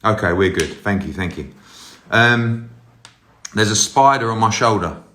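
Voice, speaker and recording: Slightly winded, a middle-aged sports promoter talks brashly and cheerfully to his live-stream audience, cursing offhandedly as he walks holding his phone. His voice is on the low side yet bright and forceful, delivered a little slowly. The rough recording carries some hiss or hum.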